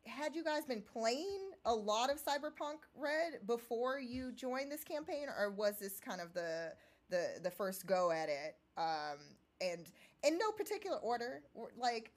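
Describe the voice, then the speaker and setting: A woman hosting a casual interview, upbeat and encouraging with drawn-out phrasing. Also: fairly high pitch, expressive. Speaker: host.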